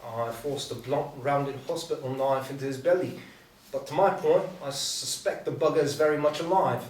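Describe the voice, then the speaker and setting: A man's voice: medium pitch, normal speed, darkish tone, lightly acted. A man playing a sardonic lost man, roomy. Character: amnesiac man, brooding and sardonic. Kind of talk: script reading. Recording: roomy, distant mic.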